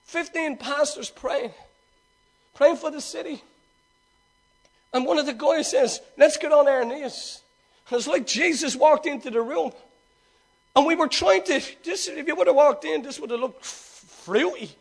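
A man pastor preaching an animated sermon, repeating himself and restarting, swelling at times to shouts. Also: very high voice, moderate pace, vocal fry, pauses often.

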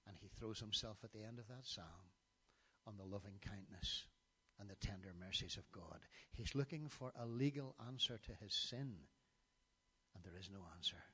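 A middle-aged man delivers a sermon in a low, husky voice with a bright, forceful edge. He recites scripture passages with emphasis and sometimes stumbles into restarts mid-thought. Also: normal speed. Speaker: preacher.

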